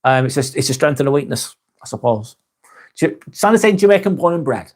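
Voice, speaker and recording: A man's voice: a little high, expressive, brisk. A man hosting a casual live stream, reading out chat comments in a rambling, sweary, sometimes sarcastic way.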